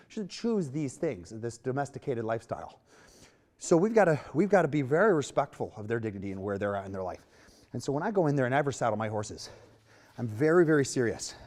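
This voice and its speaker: A man giving a hands-on lesson as a horse trainer, with coaxing, rhythmic repeated cues and soft praise. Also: medium pitch. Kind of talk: hands-on instruction.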